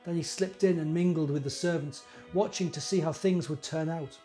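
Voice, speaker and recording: A man giving a measured dramatic scripture reading, telling the story. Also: fairly high pitch, fairly even intonation, mellow, faint music behind. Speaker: scripture reader.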